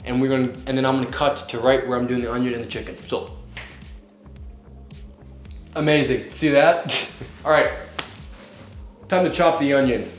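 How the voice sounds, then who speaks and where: A man's voice: medium pitch, fairly even intonation, normal speed, long pauses. Young man, home kitchen, chatty and joking, roomy echo, faint music behind. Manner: chatty and joking, yelps from onion tears. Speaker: home cook. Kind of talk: casual cooking vlog. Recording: echoey room, faint music.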